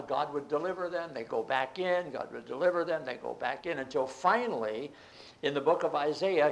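A man preaching a Bible teaching, reading scripture aloud and explaining it with emphatic outbursts. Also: fairly high pitch.

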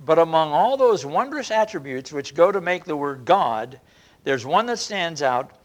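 A man preaching a sermon in an earnest way, often stretching key words slowly and restarting phrases. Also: on the high side, big pitch swings. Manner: earnest, drawn-out emphasis with frequent restarts.

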